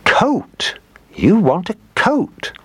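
A man doing a doting old woman, high and sing-song. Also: huge pitch swings, very slow, husky, no echo, heavily acted. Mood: delighted.

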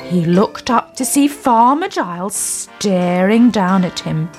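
A woman reading a children's story aloud in an expressive, sing-song way. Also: mid-range voice, slow pace, faint music behind.

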